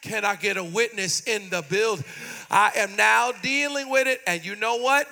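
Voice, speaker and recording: A man preaches from a church pulpit in a very high, sharp and bright voice. He works the congregation in call and response, climbs to shouts and half-sung lines, then sinks into hushed, pleading prayers. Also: moderate pace, gravelly. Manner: acts out prayers in a softer, pleading voice. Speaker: pastor. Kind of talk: sermon. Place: church sanctuary.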